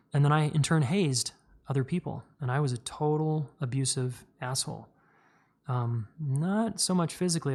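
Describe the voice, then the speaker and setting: A middle-aged man talking casually and frankly as a podcast host. His voice sits in an ordinary mid-range pitch. He speaks bluntly, fills pauses with "um" and "uh", and doesn't hold back from swearing. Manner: candid and blunt, with profanity and many fillers. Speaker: podcast host answering listener questions. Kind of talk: casual spoken advice.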